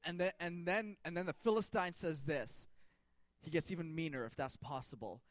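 A man's voice: fairly high pitch, normal speed, dry recording. A man in a casual, jokey storytelling sermon, talking to a group with slang and fillers.

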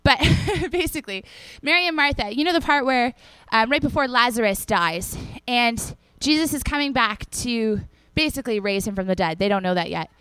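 Speaking at a normal pace with few pauses, a young female preacher uses a smooth, higher-pitched voice, and the recording has no room sound. Her sermon to the congregation is relaxed and chatty, and she animatedly plays the characters in her stories.

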